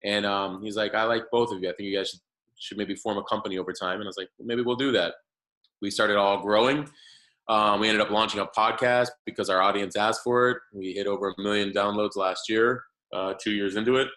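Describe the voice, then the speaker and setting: A man's voice: on the low side, steady tone, fairly quick, sharp tone, poor audio. A man in his thirties, a podcast guest, telling his story in a loose, rambling way with many fillers and restarts. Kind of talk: casual storytelling interview.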